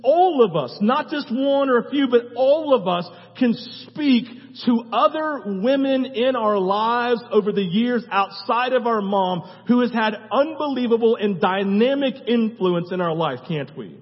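A man with a fairly high, husky voice preaches a conversational sermon and keeps asking his listeners "right?". The recording is muffled, with long reverb from a church hall. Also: lively intonation, unhurried, few pauses. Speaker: pastor. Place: church sanctuary.

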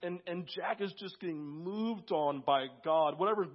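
A man's voice: sits high, normal speed, dull audio. Man preaching while a little sick. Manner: storytelling, conversational, acts out quotes. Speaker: pastor. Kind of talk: sermon.

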